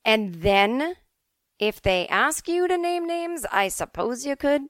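A middle-aged woman from the Boston suburbs hosting a podcast, telling stories in a casual, animated way and swearing freely. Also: high voice, takes it slowly, dry recording, clean studio sound. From Boston suburbs, USA. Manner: chatty, animated, swears freely, acts out quotes. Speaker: podcast host answering listener emails. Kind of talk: casual comedic storytelling.

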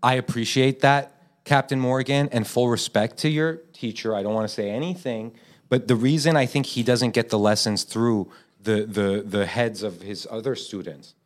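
A man hosting a parody business podcast, joking with mock confidence. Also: moderate pace. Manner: mock-confident, joking, lively swings in pitch. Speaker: podcast host.

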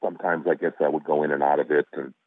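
A man's voice: extremely low pitch, little pitch movement, racing, no room sound. A man from Chicago, an actor being interviewed, telling stories casually and rambling with fillers and restarts over a call. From Chicago, USA. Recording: tinny phone-like line.

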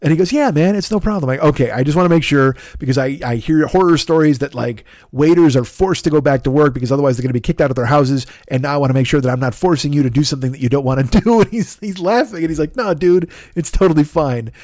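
A man hosting a podcast, telling a long, animated, profane story in a casual way and acting out the back-and-forth dialogue. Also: medium pitch, quick pace, few pauses, no echo, studio quality. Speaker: podcast host.

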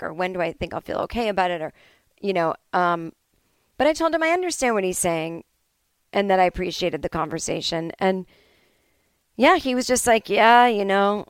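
A woman's voice: medium pitch, no echo. A woman hosting a solo comedy podcast, telling a candid, chatty story and acting out both sides of a conversation, with some swearing. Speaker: podcast host.

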